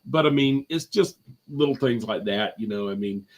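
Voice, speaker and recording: Husky-voiced man rambling through a review. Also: medium pitch, moderate pace. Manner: rambling, heavy on fillers and restarts. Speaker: panel guest on a live movie review. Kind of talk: casual live review chat. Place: at home.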